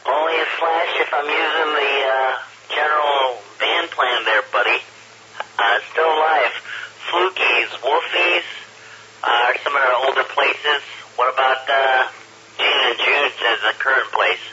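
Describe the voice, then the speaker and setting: A man's voice: medium pitch, unhurried. A man checking in on an amateur radio net, chatting in a friendly, easygoing way. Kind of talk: casual radio chat. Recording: lo-fi radio audio with loud noise.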